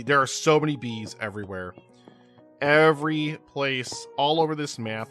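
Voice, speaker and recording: A man's voice: mid-range voice, a bit bright. A man hosting his gaming channel, giving casual, rambling gameplay commentary with repeated words and many fillers.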